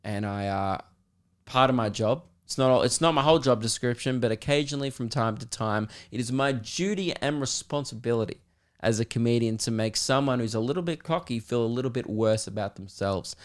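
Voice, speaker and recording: Swearing Australian comedian telling a story. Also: male voice, medium pitch, a little fast. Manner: animated, swearing, rambling. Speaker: comedian and podcast host. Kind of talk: casual storytelling.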